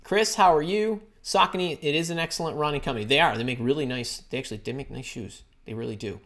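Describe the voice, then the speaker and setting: A woman recruiter and career coach hosting a live-stream Q&A, chatty and energetic, greeting viewers by name and telling stories. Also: rumbling low, quick pace.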